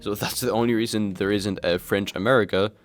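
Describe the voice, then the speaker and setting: A man's voice: lowish voice, fairly even intonation, a little fast. A man hosting a casual commentary vlog, chatty and self-deprecating, addressing his viewers directly as he reviews comics. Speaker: YouTube host reviewing comics.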